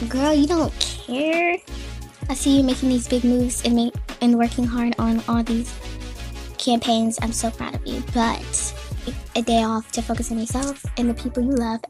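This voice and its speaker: Encouraging best-friend figure in a video game, voiced by a woman, high pitch, soft mellow tone. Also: flat delivery, moderate pace, soft background music, natural voice. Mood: caring. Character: caring female best friend and celebrity mentor.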